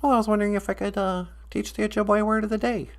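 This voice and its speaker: Woman performing a shy, stuttering male puppet frog; gravelly, hesitant caller. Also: medium pitch, steady tone, quick pace, natural voice. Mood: sheepish. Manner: stammering, timid.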